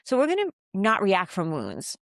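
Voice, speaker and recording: A woman giving a calm, faith-based self-help talk on handling conflict. She teaches step by step and slows down to stress key phrases. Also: medium pitch, no echo, studio quality. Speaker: communication coach.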